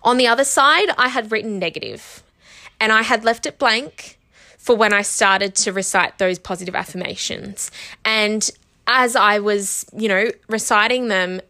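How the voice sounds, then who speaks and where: Casting: woman, bright clear voice, candid self-help host, emotional, fighting tears. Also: mid-range voice, moderate pace. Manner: emotional, heartfelt, full of "like" and "you know". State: close to tears. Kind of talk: candid personal monologue.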